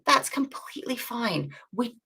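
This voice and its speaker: A woman co-hosting a coding bootcamp livestream, chatty and self-deprecating with quick asides. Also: a little high, very animated, gravelly, sharp tone, husky. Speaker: bootcamp co-host. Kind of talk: casual livestream teaching chat.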